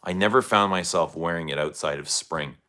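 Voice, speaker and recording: A man's voice: deep voice, a little fast, sharp tone. A man hosting a casual fragrance livestream, rambling loosely and reacting to viewer comments. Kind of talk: casual livestream chat answering chat.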